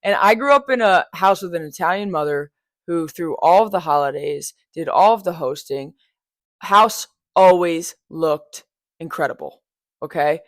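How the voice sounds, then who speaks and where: Brief: young woman podcast host, lower voice, dry close sound, blunt and swears a lot, casual monologue. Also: no echo. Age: young adult. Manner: blunt, frank, swears freely, chatty asides.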